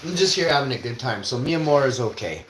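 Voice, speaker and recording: A foul-mouthed male streamer rants casually at his chat, swearing nonstop and breaking into sudden loud bursts. He talks at a middling pitch while puttering around a home kitchen. The sound is roomy, with a faint hum behind him. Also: lively intonation, fairly quick. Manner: profane, swearing constantly; ranting, with sudden loud outbursts. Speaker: livestreamer. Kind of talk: casual livestream rant.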